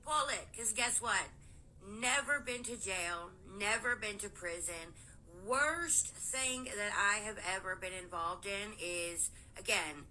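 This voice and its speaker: A woman's voice: mid-range voice, pushed and bright, a little hiss or hum, rough recording. A woman in a video rant, defiant and challenging, daring others to dig into her past.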